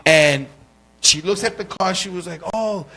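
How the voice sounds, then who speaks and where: A man hosting a casual talk show, telling animated stories and acting out quotes. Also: high voice, normal speed. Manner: animated storyteller, acts out quotes. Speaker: host. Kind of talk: casual chat, storytelling.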